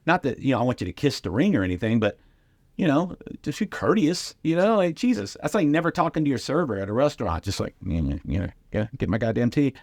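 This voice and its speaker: A middle-aged man telling comedy anecdotes casually, with lively impressions and lots of fillers. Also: on the high side, quick pace, dry recording, studio quality. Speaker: guest comedian and radio host. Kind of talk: casual storytelling.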